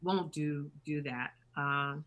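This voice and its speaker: A woman voice actor answering interview questions. Her voice is bright and animated, and she keeps slipping into character voices as she talks. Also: sits low, slow pace. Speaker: voice actor guest. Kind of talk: interview chat.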